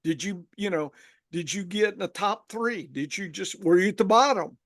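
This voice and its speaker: A man's voice: sits high, normal speed, a bit bright, dry recording, clean studio sound. A man with a Southern US accent, from Arkansas, hosting a podcast in a rambling, folksy way. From Arkansas, USA. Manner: rambling, folksy, lots of restarts. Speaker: podcast host. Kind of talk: casual podcast chat.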